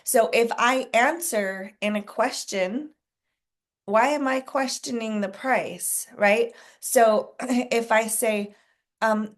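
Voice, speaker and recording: A woman leading a casual sales coaching call, talking to a group, asking them questions and clearing her throat often. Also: a little high, slow.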